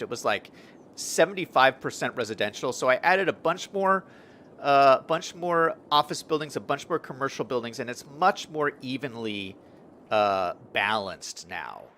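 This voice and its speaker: A man's voice: medium pitch, expressive, a little slow, bright, forceful tone, a little hiss or hum. A young man casually commenting on his city-building game and reading chat messages during a live stream. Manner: chatty, upbeat, reads out chat messages.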